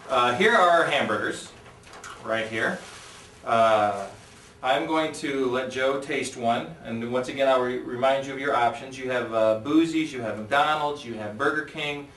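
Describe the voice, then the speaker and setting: A man hosting a joking video segment, teasing his co-worker in a deadpan way. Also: medium pitch, unhurried. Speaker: host. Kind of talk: joking casual chat. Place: newspaper office room. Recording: roomy audio, mic at a distance, faint noise.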